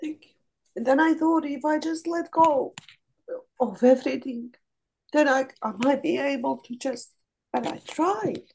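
A woman sharing her struggles candidly on a video call, blunt and animated, swearing freely. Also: high voice, unhurried, gravelly, slight background noise, low-quality recording. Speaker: coaching group participant.

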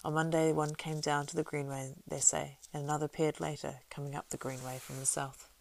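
A woman reading the part of a weathered male ranger, measured, wry and grave. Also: low-pitched, little pitch movement, gravelly, darkish tone, a little hiss or hum.

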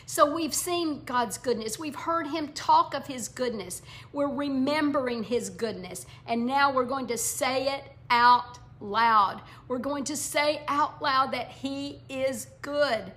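A woman gives a devotional Bible lesson at a slow, deliberate pace. Her voice sits a little high, and she often drops to a soft, near-whispered tone to drive a point home. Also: a little hiss or hum. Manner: speaks song lyrics in a slow cadence. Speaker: Bible teacher.

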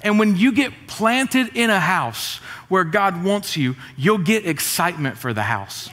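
A middle-aged pastor preaches a lively, joking sermon to his congregation. His voice sits high for a man and often swells into shouts. It rings with the long reverb of a large church hall. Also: a little slow. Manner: energetic, joking, rising to shouts. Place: church auditorium.

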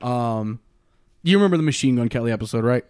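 A man's voice: medium pitch, expressive, fast talker, darkish tone, clear, resonant tone. A young man chatting casually as a podcast co-host, rambling with lots of fillers and swearing. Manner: rambling, filler-heavy and profane. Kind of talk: casual chat.

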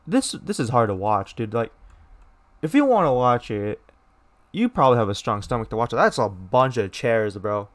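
A man's voice: mid-range voice, sing-song, moderate pace. A young American man hosting a casual solo podcast, reading a news story aloud and ranting bluntly with plenty of swearing and restarts. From United States. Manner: blunt and profane, with many restarts and mocking voices. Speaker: podcast host.

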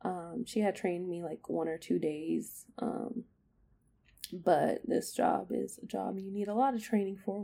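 A woman's voice: mid-range voice, vocal fry, mellow, slightly rough. A young woman telling a personal story on a podcast, candid and emotional, with many fillers and hesitations. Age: young adult.

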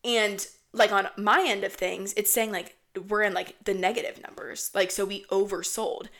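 A woman's voice: medium pitch, moderate pace. A young woman hosting a podcast, telling a story in a casual, rambling, profanity-laced way. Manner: profane, rambling, animated retelling. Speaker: podcast host.

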